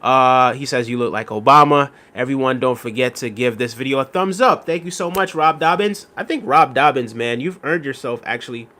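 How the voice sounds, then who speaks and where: A man hosts a livestream in a relaxed, chatty way, reading viewer comments aloud and giving shout-outs. He apologizes quickly, repeats his phrases and fills pauses with ums. His voice sits at an ordinary middle pitch for a man. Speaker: livestream host. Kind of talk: casual livestream chat.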